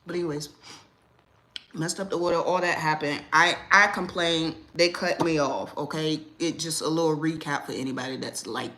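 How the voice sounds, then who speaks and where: A woman's voice: normal speed, a little hiss or hum. A woman hosting a casual livestream, telling a story. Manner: animated, rising loud and high when riled. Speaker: livestream host.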